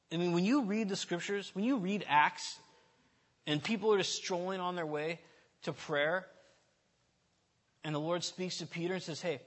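A man giving an informal sermon in a candid, self-deprecating, conversational way, often restarting his sentences. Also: high-pitched. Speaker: preacher.

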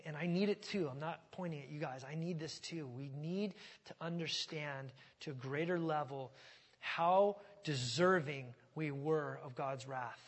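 Male pastor preaching, kinda high voice, chatty then suddenly loud and punchy, long echo in a big church. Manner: conversational preaching that swells to loud, emphatic passages. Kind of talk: sermon.

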